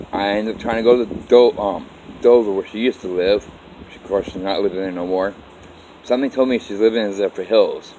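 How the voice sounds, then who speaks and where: A man's voice: lowish voice, darkish tone, a little hiss or hum, low-quality recording. A man telling his own life story in a casual, rambling way, often stopping to restart a sentence. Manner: rambling, halting, with restarts and "I'm like" quotes.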